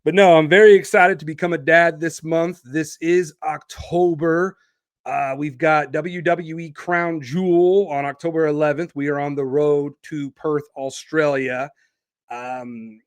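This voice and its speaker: A man hosting his own podcast, talking casually while standing and moving around, with an energetic, promo-style delivery. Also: a little high, no room sound, clean studio sound. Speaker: podcast host.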